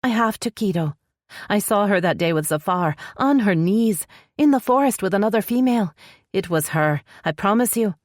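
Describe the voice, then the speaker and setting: Woman playing a young elf princess, insistent, pleading, higher than the narration, dry close audiobook. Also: lively intonation, normal speed, no echo, natural voice.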